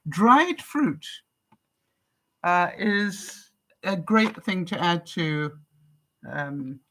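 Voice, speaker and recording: An older woman from Canada chatting casually on a live stream, answering viewer comments in a chatty, relaxed way. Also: fairly low pitch, very slow, low-quality recording. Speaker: vlogger.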